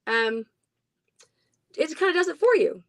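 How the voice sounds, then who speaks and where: A woman's voice: sits high, very animated, normal speed, no room sound. Chatty woman with a dry close sound. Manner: chatty, many ums, laughs often. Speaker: haunted house owner. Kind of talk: casual interview.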